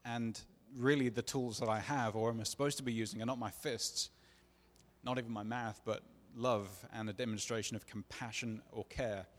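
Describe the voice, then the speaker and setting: Preacher giving a testimony, earnest, mid-pitched man, echoing hall. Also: fairly even intonation, moderate pace. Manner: earnest, confessional, acts out dialogue. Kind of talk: sermon testimony storytelling. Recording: long reverb of a large hall.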